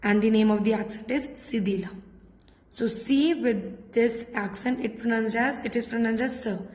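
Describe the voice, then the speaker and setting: A woman's voice: on the high side, normal speed, a little mellow. A woman teaching a French class patiently, spelling out letters and repeating words. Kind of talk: classroom lesson. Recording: echoey room with long reverb.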